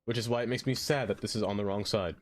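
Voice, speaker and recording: A man streaming a game live, chatting casually with his viewers, laughing often and jumping into high excited exclamations. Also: fast. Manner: chatty, laughs often, talks straight to chat.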